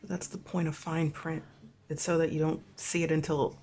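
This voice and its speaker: A wry, offhand player at a tabletop game, with a middle-pitched voice and relaxed delivery. The speaker makes dry remarks in and out of character. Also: moderate pace, husky.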